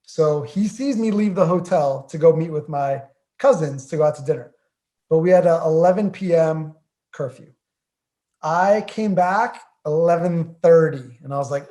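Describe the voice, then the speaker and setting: A man in his thirties talks as a podcast guest, his voice pitched a touch high. He tells his side of a story with lively swings, slipping into quiet asides between bursts of energy. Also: moderate pace. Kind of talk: casual chat.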